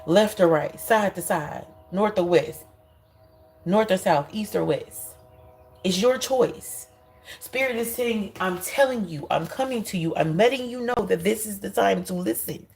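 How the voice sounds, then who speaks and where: Gravelly-voiced woman giving a card reading. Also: medium pitch, expressive, normal speed, darkish tone, rough recording. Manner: emphatic, repetitive, talks straight to viewers. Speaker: intuitive card reader. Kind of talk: spiritual card reading monologue.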